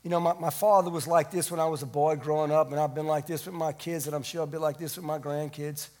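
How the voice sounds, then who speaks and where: A middle-aged man preaching a sermon as pastor, swelling to emphatic peaks and then dropping low and quiet. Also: level tone, quick pace.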